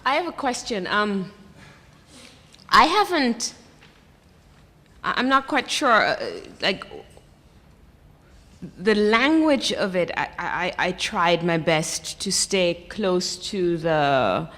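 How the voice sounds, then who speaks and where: A woman audience member asking a question, halting and unsure. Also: medium pitch, lively intonation, bright, forceful tone. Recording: reverberant hall.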